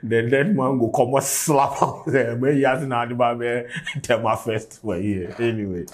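A man reacting to a clip in slow, casual remarks laced with pidgin slang. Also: medium pitch, fairly even intonation, soft background music. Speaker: reaction video host.

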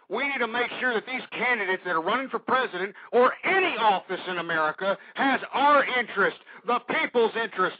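A man's voice: sits high, no room sound. A man hosting an internet talk radio show, delivering a fervent, repetitive political rant with crude language. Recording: dull lo-fi internet radio recording.

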